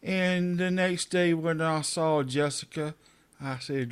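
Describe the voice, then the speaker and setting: A man's voice: on the high side, takes it slowly, clear, resonant tone. A middle-aged man co-hosting a podcast in casual chat, a chatty storyteller who laughs often. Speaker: podcast co-host.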